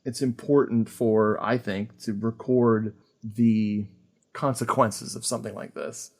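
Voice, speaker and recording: Animated man hosting a film podcast. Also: on the low side, unhurried. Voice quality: animated, laughs often, many fillers. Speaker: podcast host. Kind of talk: casual film review chat.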